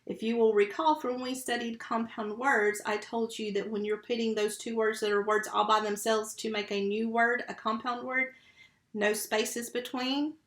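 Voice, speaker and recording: A woman who teaches first grade, giving a slow, patient remote phonics lesson and sounding out syllables and letters. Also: fairly high pitch, steady tone, a bit bright, roomy sound.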